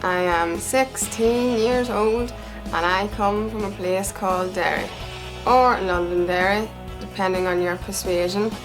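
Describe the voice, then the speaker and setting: A woman playing a sixteen-year-old girl in an amateur film, wry in narration and shrill when she complains. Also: unhurried, over music, natural voice.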